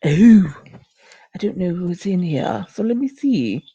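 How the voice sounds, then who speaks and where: A woman's voice: on the low side, lively intonation, takes it slowly, gravelly, mellow, husky, highs cut off. A woman co-hosting a casual livestream, half-whispering and chatting into a tiny clip-on mic. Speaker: livestream co-host. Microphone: small clip-on mic.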